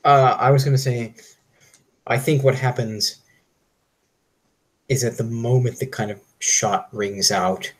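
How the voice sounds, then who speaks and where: A man, a player in a tabletop game, talks slowly over a video call and describes what his character does. His voice has a husky edge. He speaks in a thoughtful, hesitant way. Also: mid-range voice, steady tone, poor audio. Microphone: online video call.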